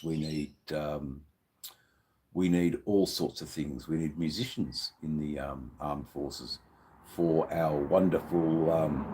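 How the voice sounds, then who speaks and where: A man's voice: warm tone, slight background noise. An Australian man hosting a live stream, rambling and swearing freely as he greets viewers in the chat. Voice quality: deep, unhurried voice. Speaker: livestream host.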